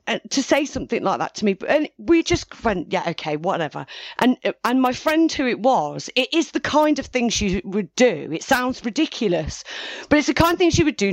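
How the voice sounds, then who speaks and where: A woman's voice: mid-range voice, no room sound. Woman recounting, dry close sound. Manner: rambling, with frequent restarts. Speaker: interviewee. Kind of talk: personal account, casual.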